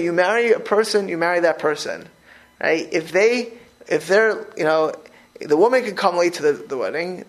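A rabbi speaks loosely and informally in a high voice with a gravelly fry. He rambles, restarts, repeats phrases and tumbles into animated anecdotes.

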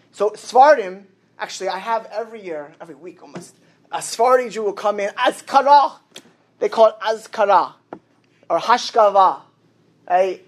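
A man, a rabbi, giving a sermon and telling a story, acting out the characters' dialogue. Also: high-pitched. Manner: animated storyteller, acts out the dialogue.

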